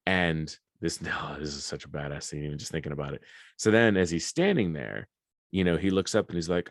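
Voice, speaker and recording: A man's voice: rumbling low, expressive, fairly quick, creaky, dry recording. A man hosting a podcast in casual chat, rambling and swearing with enthusiasm at a close mic. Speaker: podcast host.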